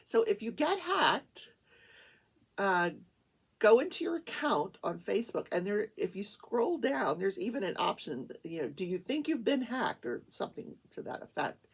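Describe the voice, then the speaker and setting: A woman hosting a crafting talk show, chatting in a rambling, animated way from a small home studio. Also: lowish voice, vocal fry, breathy edge. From Wichita, Kansas, USA. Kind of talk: casual chat while crafting.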